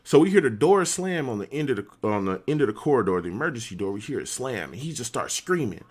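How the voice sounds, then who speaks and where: A man streaming, telling a story in an animated, slangy way and laughing often. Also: medium pitch, fast talker, hardly any pauses, breathy edge. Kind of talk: casual storytelling.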